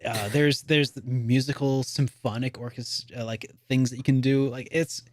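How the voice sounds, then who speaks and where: A man co-hosting a casual video game podcast, talking in an excitable, rambling way full of "like" and restarts. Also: medium pitch, normal speed, dry recording. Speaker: podcast co-host. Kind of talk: casual chat about video games.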